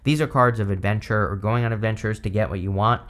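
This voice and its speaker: A man in his thirties talks through a tarot spread in a loose, chatty way. His voice is a little hoarse, as if he is losing it. He rambles and keeps leaning on fillers like "like" and "you know". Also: lowish voice, fast talker, a bit bright. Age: 30s. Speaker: tarot reader. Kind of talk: casual tarot reading.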